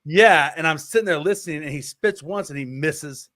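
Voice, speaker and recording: This thirties-aged podcast co-host spins a story in relaxed chat, performing each quote animatedly into a close mic. He speaks at normal speed in a somewhat high voice, and there's no room sound.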